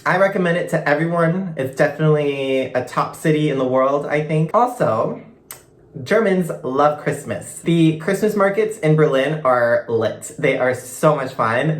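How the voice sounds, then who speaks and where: A young man from Canada chatting casually in a vlog, gushing and bubbly, full of "like" fillers. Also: a little high. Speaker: vlogger. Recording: echoey room.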